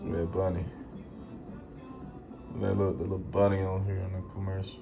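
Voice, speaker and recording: A man's voice: low voice, completely flat delivery, normal speed, creaky, long pauses, music in the background. A man talking casually to his audience, slangy and emphatic, swearing freely and repeating phrases for emphasis. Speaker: vlogger. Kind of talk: casual monologue to camera.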